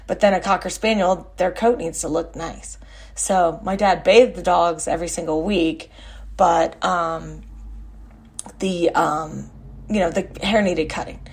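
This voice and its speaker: A woman in her forties with a somewhat low voice tells a story from her childhood. She rambles and backtracks, correcting herself and filling pauses. She hosts her own podcast and speaks as casual storytelling. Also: steady tone, breathy edge. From Texas. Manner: rambling, self-correcting, with many fillers. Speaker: podcast host.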